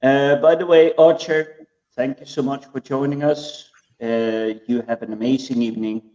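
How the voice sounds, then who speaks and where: A man's voice: mid-range voice, steady tone, normal speed, dark tone, far from the mic, poor audio. A man co-hosting a casual panel chat, hesitant and stammering but eager in his storytelling. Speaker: podcast co-host.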